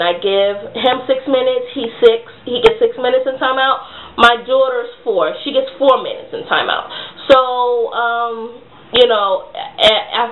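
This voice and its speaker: A young mother chats to her viewers in a loose, rambling way, full of ums and you-knows. Her voice sits a little high, and it comes through thin and tinny, as if over a phone line. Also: slight background noise. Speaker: parent vlogger. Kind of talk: casual talk to camera.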